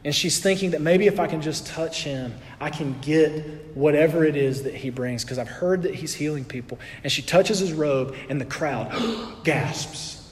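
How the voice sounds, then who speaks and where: A man preaching a sermon in an earnest way, building in intensity and then dropping soft. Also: a little high, normal speed, in a large hall.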